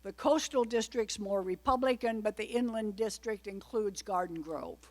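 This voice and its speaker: A woman's voice: mid-range voice, normal speed, darkish tone. A woman giving an informal political talk to a live audience, chatty and wry, full of asides. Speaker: guest speaker at a political club.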